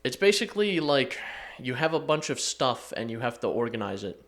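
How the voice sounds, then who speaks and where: A man's voice: mid-range voice, sing-song, moderate pace, a bit bright. A man co-hosting a podcast, chatting in an easygoing, self-deprecating way and laughing often. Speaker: podcast co-host. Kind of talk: casual chat.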